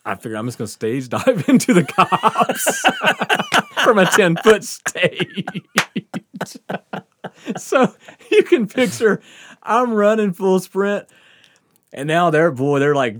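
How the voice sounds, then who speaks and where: A man's voice: on the high side, huge pitch swings, slow pace, fairly bright tone, dry recording, studio quality. A man hosting a podcast, telling a story in casual chat, laughing often and swearing freely. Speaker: podcast host.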